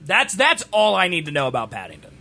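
A man's voice: sits high, wildly swooping pitch, quick pace, pushed and bright. A man in casual chat, joking while reading web pages aloud about a movie.

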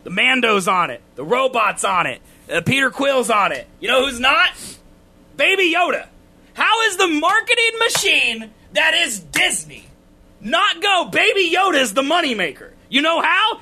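Guy ranting on a podcast, high voice swinging all over, bright tone, yells a lot. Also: sing-song, normal speed. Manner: loud, exasperated ranting that climbs into shouting. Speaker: podcast co-host. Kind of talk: casual ranting podcast chat.

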